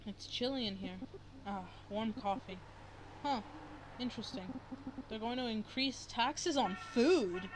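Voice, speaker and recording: A woman's voice: on the high side, unhurried, background noise, lightly acted. A woman voicing a weary young male lawyer, reading game dialogue plainly over game music.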